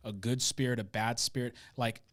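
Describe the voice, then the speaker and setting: A man co-hosting a casual Bible discussion, emphatic and getting loud when he mimics someone. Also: medium pitch, fairly even intonation, moderate pace.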